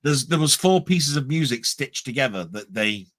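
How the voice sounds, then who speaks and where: A man's voice: medium pitch, lively intonation, moderate pace, a bit bright. A man co-hosting a casual livestream chat, telling stories in a rambling, stop-start way with lots of repeated words. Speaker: livestream co-host.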